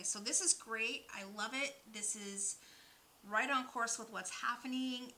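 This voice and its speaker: A woman's voice: mid-range voice, bright, forceful tone, a little hiss or hum, low-quality recording. A woman giving a spiritual nutrition card reading, rambling with many fillers and restarts. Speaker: oracle card reader.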